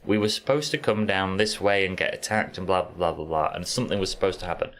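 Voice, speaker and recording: A man's voice: deep voice, fast talker, fairly bright tone. A man casually commenting on his gameplay, joking and talking to his chat as he plays. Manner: chatty, jokey, talks to chat while playing. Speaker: streamer.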